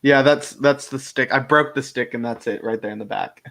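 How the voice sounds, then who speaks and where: A man's voice: mid-range voice, moderate pace, vocal fry, bright, forceful tone. A young American man chatting as a guest on an online call, rambling and correcting himself as he jokes along. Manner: rambling, self-correcting, jokey. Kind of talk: casual online chat. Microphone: computer microphone on a call.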